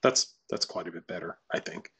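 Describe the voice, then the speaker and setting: A man walking through a software tutorial casually, thinking aloud and reading lines out to test them. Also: deep voice, brisk, creaky, slightly rough. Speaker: tutorial presenter. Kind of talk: screen-recorded software tutorial.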